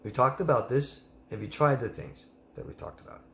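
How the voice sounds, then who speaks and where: A man's voice: mid-range voice, lively intonation, brisk, creaky, a bit bright, reverberant, slight background noise. Blunt, emphatic male life coach. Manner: blunt, emphatic, repeats the listener's name. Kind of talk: live Q&A advice.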